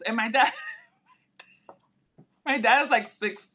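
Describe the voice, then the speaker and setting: A woman's voice: a little high, measured pace, long pauses, husky. Chatty woman telling a story animatedly. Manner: animated storyteller, many "like" fillers. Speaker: podcast host. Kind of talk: casual storytelling chat.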